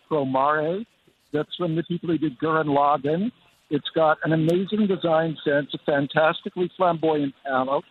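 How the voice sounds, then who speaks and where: A man reporting enthusiastically by phone from a busy convention floor. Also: fairly high pitch. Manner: upbeat, enthusiastic. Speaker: film critic reporting live. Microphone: phone line. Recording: tinny phone line with crowd hum.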